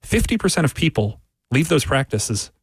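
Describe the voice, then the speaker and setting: A man's voice: a little high, very animated, moderate pace, creaky, husky. Analytical male sports radio guest. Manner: analytical, builds arguments with repeated phrases.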